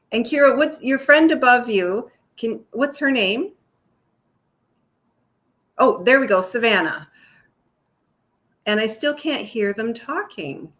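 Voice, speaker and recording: A woman's voice: on the high side, lively intonation, slow pace, long pauses, fairly bright tone. A woman hosting a casual live-stream chat, bubbly and effusive, laughing often. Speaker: host.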